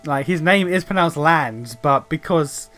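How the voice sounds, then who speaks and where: A British man rambles through casual commentary while he plays, in a fairly high voice. He laughs often and swears freely, and faint game music sits behind him. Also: animated, moderate pace, fairly bright tone. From Britain. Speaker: streamer.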